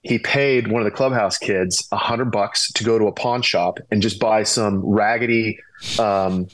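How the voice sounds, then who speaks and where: A middle-aged man, a former pro ballplayer, telling a long anecdote as a guest, animated and rambling with restarts. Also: fairly low pitch, measured pace, no room sound, rough recording.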